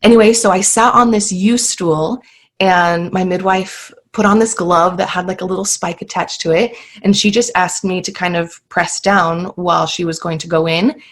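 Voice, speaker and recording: A woman's voice: lowish voice, steady tone, moderate pace. A woman in her thirties, a podcast guest telling her own story in an earnest, heartfelt way with many fillers. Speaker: guest sharing birth story.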